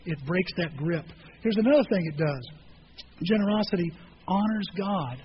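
A man's voice: high voice, lively intonation, normal speed, highs cut off, a little hiss or hum. A man preaching a sermon, telling a personal story in a conversational way and building to emphatic peaks. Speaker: pastor.

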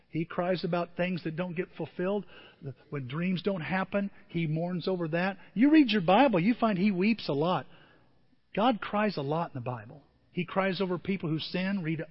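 A man pastor preaching a sermon with emotion, his voice moving from quiet and tender to loud and emphatic. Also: high voice, moderate pace, long reverb tail, dull audio. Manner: emotional, swings from soft to emphatic.

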